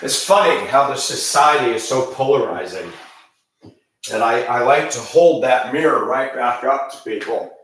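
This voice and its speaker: A man's voice: medium pitch, moderate pace, a bit bright, far from the mic, a little hiss or hum. A man in his fifties giving an emphatic, rambling ranting monologue with frequent restarts. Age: 50s. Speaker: video commentator. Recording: very echoey room, voice off-mic.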